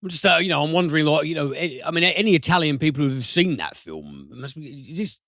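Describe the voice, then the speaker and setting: A man reviewing films on a podcast, animated and given to swearing and sudden high mimicry. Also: fast, dry recording, studio quality. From United Kingdom. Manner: animated, swears, mimics voices with big pitch jumps. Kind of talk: casual podcast film review.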